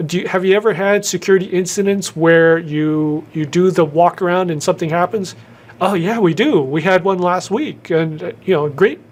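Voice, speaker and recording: A man hosting a career advice video in a casual to-camera talk, who speeds up and then slows down with deliberate pauses and stressed words. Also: on the high side. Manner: shifts tempo, talks fast then slows with pauses and emphasis. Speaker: YouTube host giving career advice.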